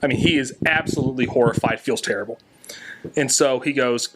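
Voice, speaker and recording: A young man telling a family trip story on a casual podcast, animated and laughing at himself. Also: mid-range voice, a little fast, a little hiss or hum.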